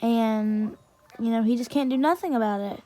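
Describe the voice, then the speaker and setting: A woman's voice: on the high side, normal speed, dark tone, soft background music. A woman casually telling a story, acting out her sassy comebacks in quoted dialogue.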